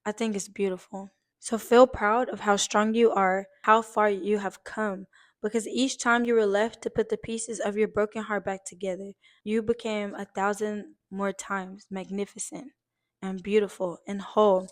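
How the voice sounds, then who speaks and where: A woman's voice: mid-range voice, little pitch movement, moderate pace. Earnest young woman, tearful encouragement. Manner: earnest, emotional, on the verge of tears; casual, uses fillers like "like" and swears lightly. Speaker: vlogger. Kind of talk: heartfelt encouraging vlog talk.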